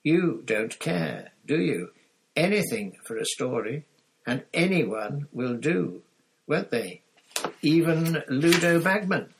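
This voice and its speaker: A man voicing a bossy teenage schoolgirl who speaks shrilly and indignantly, with a gravelly, husky edge. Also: medium pitch, animated, a little slow, a bit bright, full character voice.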